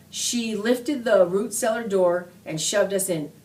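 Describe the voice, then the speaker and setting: A woman reads a children's picture book aloud, earnest and expressive. Her voice sits slightly low for a woman. She tells the story steadily, letting each line carry its meaning. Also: measured pace, hardly any pauses. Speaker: reader.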